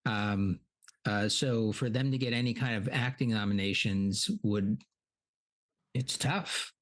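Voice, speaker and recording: A man's voice: lowish voice, steady tone, slow. A man hosting a casual comedy podcast, recapping a film in a rambling way with many ums and uhs.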